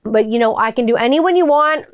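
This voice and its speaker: A woman's voice: a little high, lively intonation, brisk, clean tone, no room sound. A woman hosting her own podcast in a casual, jokey and profane way. She works as a voiceover artist and talks about her kids. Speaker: podcast host. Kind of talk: casual solo podcast chat.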